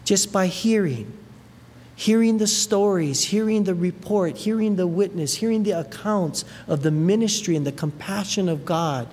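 Animated preacher in an echoing hall. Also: mid-range voice, moderate pace. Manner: animated storytelling, many fillers. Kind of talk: sermon. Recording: long hall reverb, faint noise.

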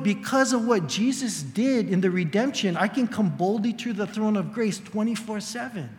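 An older male pastor preaching an animated sermon, jumping into high strained voices to act out quoted people. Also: long reverb tail.

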